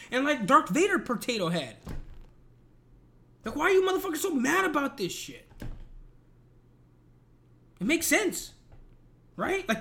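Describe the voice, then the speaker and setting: Male, very high voice, animated swings in pitch; casual, profane, exasperated rant. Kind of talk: casual ranting commentary.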